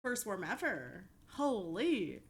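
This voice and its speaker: An excitable young woman chats casually on a live stream. Her pitch swings widely while her delivery stays unhurried, and she peppers her talk with swearing. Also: husky. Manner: excitable, swearing, breaks into shrieks and laughter.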